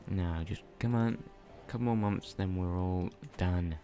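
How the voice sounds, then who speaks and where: A young man casually commentating his strategy game as he plays, chatty and self-mocking, thinking out loud, at a desk mic at home. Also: low voice, unhurried. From not Irish. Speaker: gaming channel host. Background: faint game music and keyboard typing.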